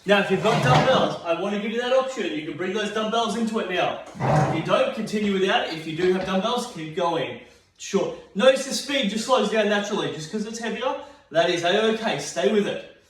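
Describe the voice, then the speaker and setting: A man's voice: high voice, lively intonation, brisk, a little hiss or hum. An Australian man leading a seated exercise class, upbeat and encouraging, counting reps aloud and getting out of breath. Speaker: fitness instructor. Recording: very echoey room, mic far off.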